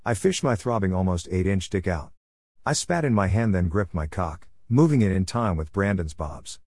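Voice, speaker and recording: A man reading a first-person story in a steady, even way. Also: low-pitched, moderate pace, no echo, clean studio sound. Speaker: narrator.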